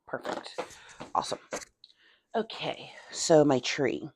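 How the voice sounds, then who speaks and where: This Tennessee woman's voice is extremely low, creaky and warm, with lively intonation and a moderate pace. Chatting in her Southern accent through a casual hobby vlog about painting a miniature, she laughs often and whispers and mutters to herself.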